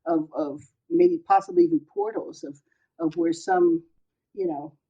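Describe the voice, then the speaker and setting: A woman's voice: on the low side, animated, a little slow, mellow, husky. Chatty woman hosting a paranormal show. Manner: chatty, loose, trails off with fillers. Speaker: host. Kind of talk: casual chat. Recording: dull lo-fi audio.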